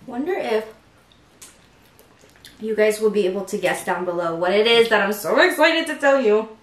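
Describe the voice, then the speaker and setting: A young woman hosting an eating show, chatting excitedly with viewers between bites. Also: medium pitch, normal speed, roomy sound. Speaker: mukbang host. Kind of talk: casual eating-show chat.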